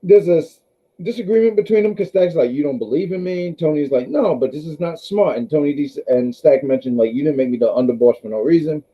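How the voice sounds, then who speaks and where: A man's voice: a little high, animated, quick pace, lo-fi sound. A man hosting a casual wrestling review stream, rambling with restarts and talking to his live chat.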